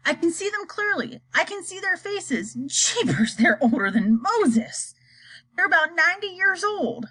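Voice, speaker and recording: A woman's voice: a little slow, full character voice, poor audio. A woman voicing a panicky male astronaut reporting to ground control. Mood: pleading. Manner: high, excited, stammering.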